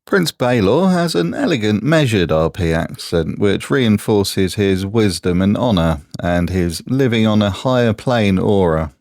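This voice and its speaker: A man's voice: fairly low pitch, expressive, measured pace, hardly any pauses, a little mellow, no echo. A man from Britain reading a scripted voice-over commentary in a sardonic, mocking manner, recorded on a close mic. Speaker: YouTube commentator.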